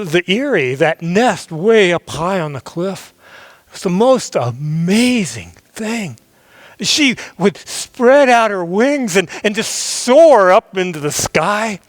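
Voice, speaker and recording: A male pastor telling a children's story in an animated way, acting out the scenes. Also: sits high, dry recording.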